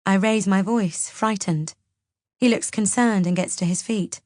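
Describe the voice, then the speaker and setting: A woman's voice: medium pitch, measured pace, darkish tone, no echo, studio quality. Woman reading a thriller. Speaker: audiobook narrator. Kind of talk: first-person novel reading.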